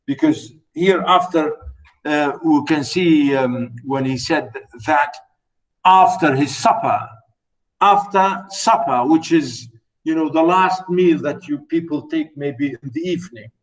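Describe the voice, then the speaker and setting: A man's voice: on the high side, takes it slowly, rough recording. A man giving a recorded literature lecture, hesitant with many fillers and repeated phrases, stopping to explain words and how to pronounce them.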